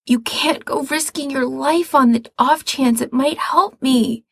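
A woman voicing a sick, weary young man who scolds his brother in sharp, exasperated words. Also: high-pitched, measured pace, creaky, no echo, clean studio sound, pitched above the performer's own voice.

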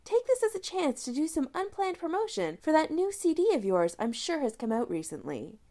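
A woman's voice: on the high side, sing-song, moderate pace, darkish tone, voice pushed up. A woman voicing a perky British con woman with a British accent, coaxing and cheerful.

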